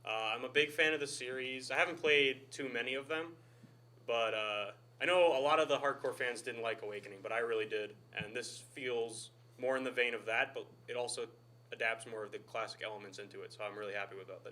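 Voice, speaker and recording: A young man with a bright, forceful voice talks in a casual, easygoing way as a podcast co-host. He sounds enthusiastic as he shares his thoughts. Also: medium pitch, a little fast. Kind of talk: casual chat.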